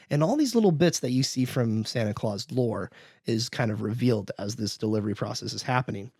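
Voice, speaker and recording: A man's voice: medium pitch, normal speed, a little mellow, dry recording, studio quality. A man hosting a podcast, casually recapping a film and acting out the characters' lines in raised voices. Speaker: podcast host.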